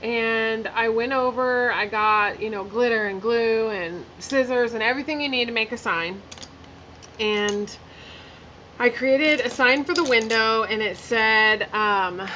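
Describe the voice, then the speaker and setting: A woman's voice: a little high, a little slow, pushed and bright, muffled recording, a little hiss or hum. A woman telling a personal story in a casual vlog while doing her makeup, chatty and candid, full of fillers and blunt swearing. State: emotional, near tears. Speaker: vlogger.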